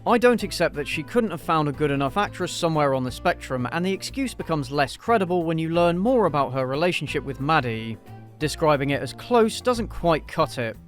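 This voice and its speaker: A man hosting a scripted commentary review, blunt, sarcastic and openly profane. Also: on the high side. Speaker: video essay host.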